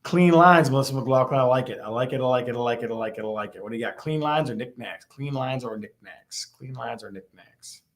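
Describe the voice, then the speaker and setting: A man hosts a live stream in a mid-range voice, speaking a little fast with few pauses. He playfully teases viewers and repeats his questions to the chat in a lively manner.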